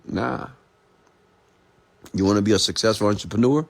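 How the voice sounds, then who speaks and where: A man's voice: on the low side, moderate pace. Blunt, profane man ranting. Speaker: entrepreneur and mentor. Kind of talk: late-night motivational rant.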